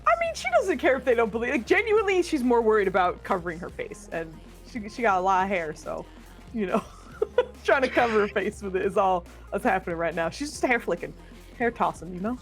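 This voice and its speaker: A woman's voice: mid-range voice, expressive, a little fast, soft background music. A woman playing a tabletop game in casual chat, giggly and laughing often. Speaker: player.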